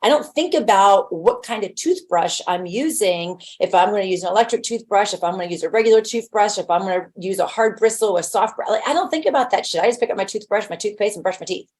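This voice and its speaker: A woman's voice: mid-range voice, quick pace, few pauses, darkish tone. A woman who works as a real estate agent, giving a casual webinar talk in a blunt, conversational way and using homely everyday examples.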